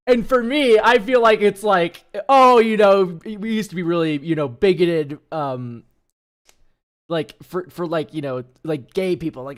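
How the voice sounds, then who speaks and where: A young man with a high voice chats casually on a stream. He rambles and jokes sarcastically, laughing often between thoughts. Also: unhurried, fairly bright tone. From United States. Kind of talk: casual chat.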